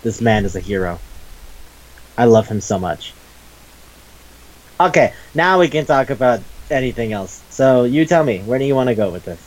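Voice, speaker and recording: Excitable, foul-mouthed man chatting. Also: medium pitch, moderate pace, pauses often, poor audio. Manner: enthusiastic, profane, rambling. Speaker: podcast co-host. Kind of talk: casual chat about manga.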